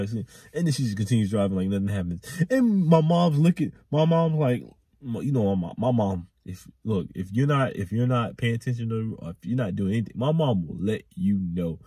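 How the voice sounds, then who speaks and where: A young man recounting a chaotic ride in a rambling storytime vlog. His pitch swoops high and low as he gets worked up, with a husky grain. Close and dry, right on the mic. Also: brisk, no echo. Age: young adult. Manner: animated, rambling, repetitive slang. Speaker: vlogger.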